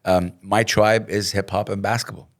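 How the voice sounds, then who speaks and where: A middle-aged man talks in a relaxed interview with a fairly low voice. He tells his stories in an animated way, often repeating words and acting out what others said. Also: normal speed. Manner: animated, repeats himself, acts out quotes. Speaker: radio host, interview guest. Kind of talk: casual interview.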